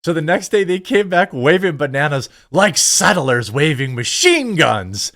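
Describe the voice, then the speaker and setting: A man hosts a reaction commentary, sarcastic and mocking in tone. His pitch swings up and down, and he often stammers and restarts mid-sentence. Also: big pitch swings, a little slow, a bit bright. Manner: sarcastic and mocking, bursts of laughter. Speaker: commentary show host.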